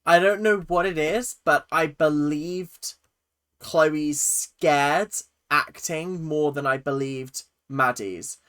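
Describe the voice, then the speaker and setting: A chatty reaction-video host, animated and swearing casually, laughing often into a close mic. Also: mid-range voice, slow pace, smooth.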